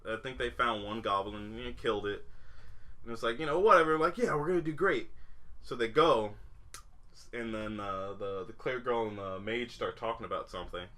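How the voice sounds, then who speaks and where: A man's voice: on the low side, fairly quick, bright, forceful tone. A young man co-hosting a podcast, chatting casually and rambling with lots of fillers, restarts and swearing. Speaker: podcast co-host. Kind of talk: casual chat.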